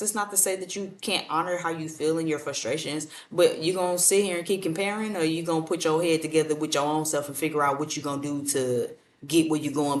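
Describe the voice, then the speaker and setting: A woman doing a casual tarot reading, blunt and profane in a motivational way. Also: low-pitched. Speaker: tarot reader. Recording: roomy echo, mic at a distance.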